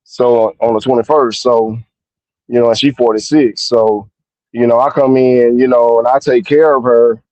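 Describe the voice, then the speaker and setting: A man's voice: medium pitch, steady tone, moderate pace, a little mellow, no echo. A man in his forties calling in by phone from his car at work, talking casually and rambling with lots of "you know" fillers. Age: 40s. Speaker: caller. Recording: dull phone audio.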